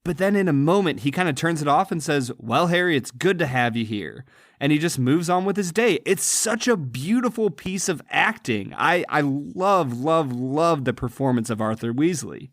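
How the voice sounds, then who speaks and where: Earnest, animated podcast co-host, a man. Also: fairly high pitch, no echo, studio quality. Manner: earnest, animated, quick retelling. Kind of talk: casual film discussion.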